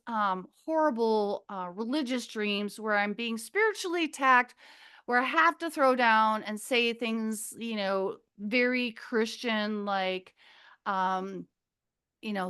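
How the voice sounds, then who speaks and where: A middle-aged woman from Minnesota talks as a podcast guest, her voice sitting high. She tells her story in a loose, rambling way, hunting for words and acting out what people said. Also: clean tone. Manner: rambling, animated, searches for words, acts out quotes. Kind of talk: casual storytelling.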